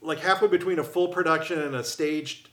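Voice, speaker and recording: A man in casual chat, telling anecdotes in an animated way. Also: fairly high pitch, fairly quick. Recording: echoey room.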